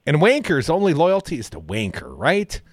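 A man from Madison, Wisconsin holds forth as a talk radio co-host, his voice pitched a little high and bouncing widely as he delivers sarcastic, opinionated asides. He sounds dry and close to the microphone, with no room around him. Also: wildly swooping pitch, normal speed, no echo. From Madison, Wisconsin, USA. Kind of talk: casual political talk radio.

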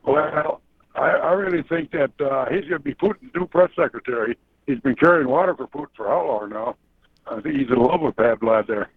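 Gravelly guy phoning in, blunt opinions, tinny phone line sound. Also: mid-range voice, brisk, dry recording. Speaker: caller.

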